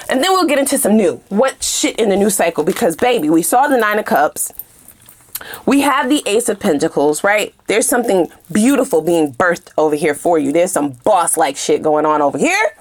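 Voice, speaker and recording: A woman's voice: sing-song, moderate pace. Fiery, profane woman tarot reader. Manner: fiery and profane, swinging from low mutters to high shouts. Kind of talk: animated tarot reading.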